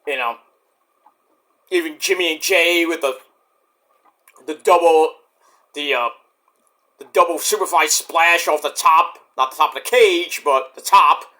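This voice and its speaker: A young man giving a casual, rambling wrestling event review, excitable and profane, with sudden shouts. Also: on the high side, a little slow, pauses often.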